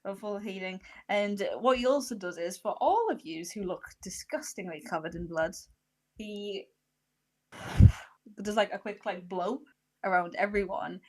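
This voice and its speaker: A woman's voice: mid-range voice, unhurried. A woman acting as game master of a tabletop role-playing game, chatty and giggly, with lots of fillers.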